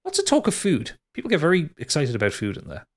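A man's voice: a little high, huge pitch swings, fast talker. A man hosting as game master, wrapping up the episode in a rambling, laughing way and swearing casually. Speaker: game master and podcast host. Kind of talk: casual podcast outro and plugs.

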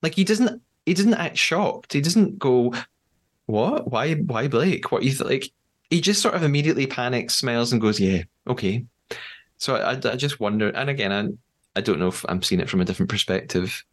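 An English-accented man hosts a podcast, retelling events with animation and acting out quotes in a casual recap chat. He speaks in a mid-range voice at a moderate pace.

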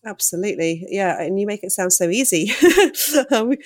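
A woman hosting a podcast, chatty and quick to laugh as she asks her guest questions. Her voice sits in a middle pitch and sounds dry and close. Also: dry recording. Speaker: podcast host. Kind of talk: podcast interview.

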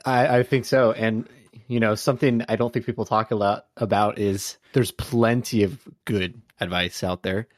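A man's voice: lowish voice, steady tone, normal speed, no room sound, clean studio sound. A man hosting a podcast interview, asking questions in a thoughtful, searching way with hesitant restarts. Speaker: podcast host.

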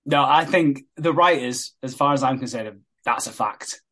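A man's voice: mid-range voice, moderate pace. Sweary man recapping with gusto. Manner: animated retelling, swears a lot, laughs often. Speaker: podcast co-host recapping a soap. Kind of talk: casual sweary chat.

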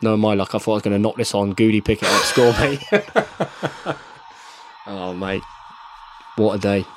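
An English man in his thirties, a professional rugby player, chatting excitedly while rewatching match footage and calling his friend "mate" constantly. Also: on the low side, brisk, crowd noise. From England. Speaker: guest, professional rugby fly half. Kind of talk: casual chat while watching match footage.

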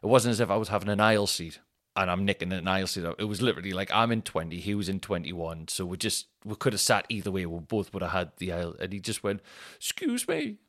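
A man's voice: low-pitched, steady tone, fast talker, a bit bright. A man hosting a podcast, rambling and swearing, often laughing at his own stories. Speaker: podcast host and comedian. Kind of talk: casual solo podcast chat.

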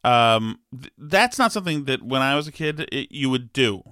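A man's voice: medium pitch, lively intonation, bright, forceful tone, smooth, no echo, clean studio sound. A man talking casually on his own, hesitant with many restarts, laughing as he reads comments aloud. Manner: halting, many restarts, laughs while reading. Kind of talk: casual solo talk, reading comments aloud.

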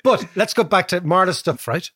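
Irish male podcast co-host, husky, fast and animated, dry close mic. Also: on the high side, no echo. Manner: animated, quick storyteller, keeps asking "right?". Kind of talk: casual chat.

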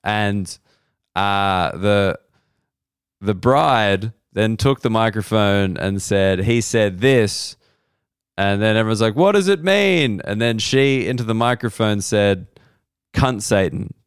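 A man's voice: clear, resonant tone, no echo, clean studio sound. Profane Australian man telling a story. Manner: rambling, profane, swings between a quick mutter and sudden high bursts. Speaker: comedian podcast host. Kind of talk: casual comedic storytelling. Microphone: close podcast mic.

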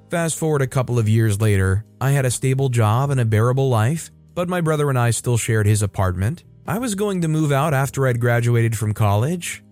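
A man tells a first-person story in a steady, even-pitched narration, now and then lifting his voice for the women he quotes. Soft music plays quietly under him throughout. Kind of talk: scripted narration of a reader story. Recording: soft music bed behind. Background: faint background music.

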